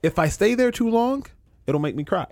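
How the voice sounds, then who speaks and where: A man's voice: high voice, lively intonation, normal speed, a little mellow, no echo, clean studio sound. A man in his thirties, a podcast guest talking earnestly and reflectively, often repeating phrases as he works through feelings. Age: 30s. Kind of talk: emotional casual conversation.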